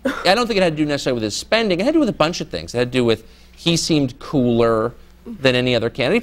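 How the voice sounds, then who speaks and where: A middle-aged man speaks as a guest journalist in a live Q&A with students. His pitch sits somewhat high and rises and falls a lot. He talks in a sardonic, blunt way and mimics people in mock voices. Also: animated, fast. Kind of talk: candid audience Q&A.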